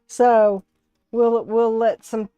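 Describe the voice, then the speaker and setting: A woman's voice: a little high, level tone, very slow, warm tone, clear, resonant tone, dry recording. A woman from Texas and Alabama with a Southern US accent, hosting a casual live crafting stream, chatty and often laughing as she greets viewers by name. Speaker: live-stream host and resin artist.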